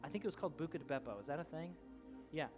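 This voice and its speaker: A man's voice: a little high, animated, very fast, over music. A man in his thirties preaching a sermon as a pastor, telling a story in a loose conversational way with many restarts. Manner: storytelling, rising to loud shouting at the climax.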